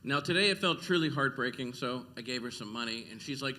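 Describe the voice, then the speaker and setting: A man doing a stand-up comedy set on a club stage, delivering deadpan one-liners. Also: mid-range voice, a little fast, few pauses.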